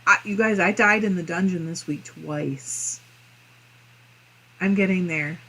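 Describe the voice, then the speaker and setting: A woman's voice: on the low side, measured pace, sharp tone, slightly rough. Giggly woman reading out live chat. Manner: giggly, often laughing and coughing between comments. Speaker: fiber arts channel host. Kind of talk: casual livestream chat, reading viewer comments aloud.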